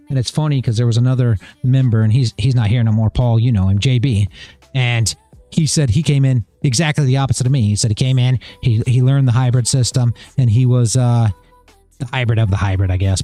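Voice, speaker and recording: A man's voice: mid-range voice, dark tone, no echo. A middle-aged man hosting a trading livestream, talking casually in a blunt, rambling way, repeating himself and swearing.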